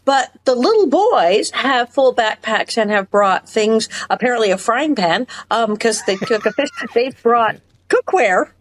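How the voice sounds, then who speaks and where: A woman's voice: a little high, expressive, measured pace. A woman co-hosting a podcast, rambling and giggling as she talks and tripping over her words. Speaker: podcast co-host. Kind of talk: casual podcast chat.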